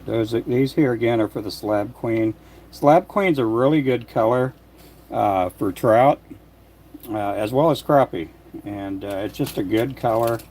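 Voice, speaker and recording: An older man making fishing lures in his workshop, chatting casually to a livestream audience in a soft, rambling way with frequent restarts. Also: mid-range voice, a little slow. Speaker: lure maker livestreaming. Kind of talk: casual livestream chat while working.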